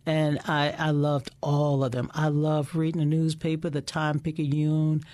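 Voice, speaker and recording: A middle-aged woman, a guest in an interview, telling lively stories about her past and often repeating words as she starts a sentence. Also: sits low, moderate pace, dry recording. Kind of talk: casual interview storytelling.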